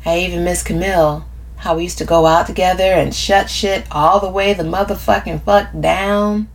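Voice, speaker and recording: A woman's voice: on the low side, fairly even intonation, moderate pace, close to an everyday voice. A woman reading a brash, foul-mouthed old friend. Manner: blunt, profane, laughing. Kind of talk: audiobook character reading.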